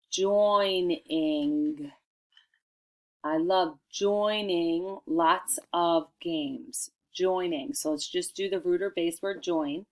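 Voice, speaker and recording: A middle-aged woman teaches a recorded spelling lesson to children, dictating each word slowly and clearly and breaking it into its sounds. Her voice sits fairly low, and she takes her time. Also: darkish tone.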